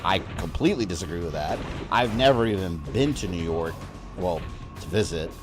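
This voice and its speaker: A man's voice: low voice, animated, brisk, over music. A man from Florida chatting casually and rambling while streaming a video game, with the odd swear word. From Florida, USA. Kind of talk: casual gaming livestream chat.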